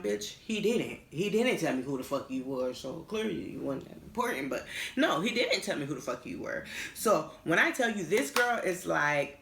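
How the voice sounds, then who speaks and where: A young woman telling a personal story to her vlog viewers, animated and swearing freely, acting out the people she quotes. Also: low-pitched, normal speed, gravelly, roomy sound. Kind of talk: casual storytime.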